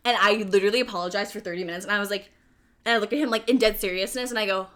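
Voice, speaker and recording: Woman, 20s, podcast co-host; lively, sweary storyteller, laughs at herself; mid-pitched, bright tone. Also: very fast. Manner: animated, swears freely, self-mocking storytelling. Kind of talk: casual chat.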